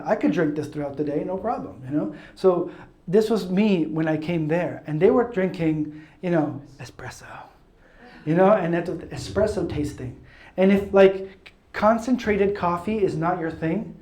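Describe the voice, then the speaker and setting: A man's voice: a little high, a little mellow. A man from Italy telling a personal story in a chatty, self-mocking way. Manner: chatty, self-mocking, laughs at his own stories. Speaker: speaker. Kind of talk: casual testimony talk. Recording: roomy echo.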